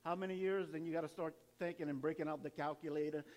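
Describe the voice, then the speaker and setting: A man, a pastor giving church announcements and leading the offering in a casual, chatty way, with quick laughs and restarts. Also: on the high side, fairly even intonation, darkish tone. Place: church sanctuary.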